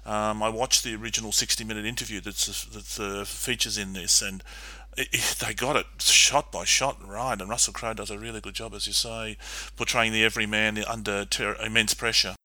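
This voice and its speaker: A man with a somewhat low but very bright, sharp voice co-hosts a film podcast, walking methodically through the plot with the odd um. The sound is dry and close to the mic. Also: moderate pace, dry recording. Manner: steady, methodical recapping with filler ums. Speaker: podcast co-host. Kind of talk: casual film discussion and plot recap.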